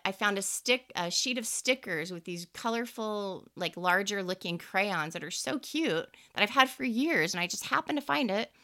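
A woman host and teacher chatting casually about faith, animated and leaping up in pitch whenever she quotes someone. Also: no echo, studio quality. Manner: animated, jumps high when quoting people.

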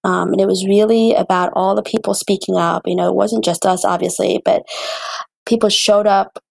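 A woman's voice: mid-range voice, steady tone, moderate pace, vocal fry, dry recording. A woman speaking as a guest on an interview, an earnest and passionate healthcare advocate who grows emotional. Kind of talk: interview conversation.

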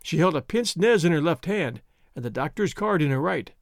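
A man reading a classic story aloud in a measured, expressive way. His voice sits fairly high for a man and moves a great deal in pitch. The recording is close and dry, with no room sound. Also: no room sound. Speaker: audiobook narrator. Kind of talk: scripted narration of a classic story.

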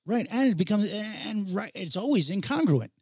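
Man, co-host, casual chat, emphatic, opinionated, fairly high voice, dry room. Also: very animated, normal speed, darkish tone, slightly rough, dry recording. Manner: opinionated, emphatic, rhetorical questions. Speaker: podcast co-host.

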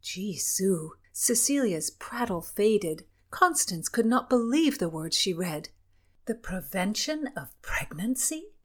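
A woman co-hosting a podcast and reading a historical story aloud in clear, measured narration. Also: mid-range voice, sing-song. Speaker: podcast co-host and reader.

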